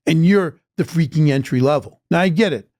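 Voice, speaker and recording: A man's voice: fairly high pitch, fairly quick, darkish tone, no room sound, studio quality. A man gives a blunt, emphatic opinion monologue to camera. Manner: blunt, emphatic, mocking quoted voices. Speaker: social media commentator.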